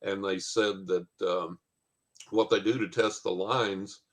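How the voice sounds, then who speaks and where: A man tells a long anecdote in a fairly low voice. He rambles along with many "uh"s and acts out what other people said. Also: fairly even intonation, slow, a bit bright. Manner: rambling anecdote with many fillers and quoted dialogue. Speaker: guest storyteller. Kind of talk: casual storytelling.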